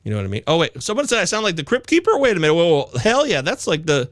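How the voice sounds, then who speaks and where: Excitable lively-voiced male podcast host. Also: a little high, fast, dry recording, clean studio sound. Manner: excitable, swears casually, reads chat aloud. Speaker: fantasy baseball podcast host. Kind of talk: live-stream chat with viewers.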